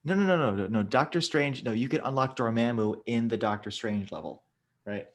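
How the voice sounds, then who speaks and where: A man's voice: mid-range voice, lively intonation, fairly quick. A young man co-hosting a casual chat, rambling and restarting his sentences often. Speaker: podcast co-host.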